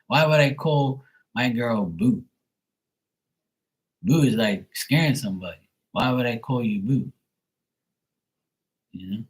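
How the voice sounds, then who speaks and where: A man's voice: mid-range voice, lively intonation, measured pace, long pauses. A man in his forties from Bermuda, ranting casually and profanely, joking as he acts out both sides of phone calls. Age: 40s. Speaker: tarot reading livestream host. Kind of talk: casual rant.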